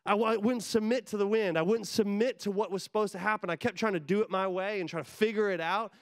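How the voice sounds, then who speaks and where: A male pastor with a fairly high voice delivers a sermon to his church. He tells stories with lively, animated energy and climbs into excited, near-shouted bursts when he relives a moment. Warm conviction runs under his talk. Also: fast.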